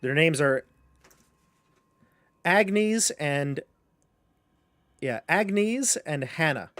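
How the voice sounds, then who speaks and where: A man running a tabletop game as game master, setting scenes in a relaxed way. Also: a little high, extremely slow, no room sound.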